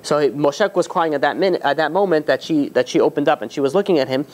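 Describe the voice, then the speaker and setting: A man's voice: a little high, fast. A man teaching an informal class as a rabbi, retelling a story conversationally, slipping into the characters' lines and fielding questions from students in the room.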